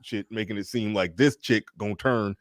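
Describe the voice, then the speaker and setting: A man's voice: on the low side, normal speed, no echo, studio quality. Laid-back, slangy man in casual commentary.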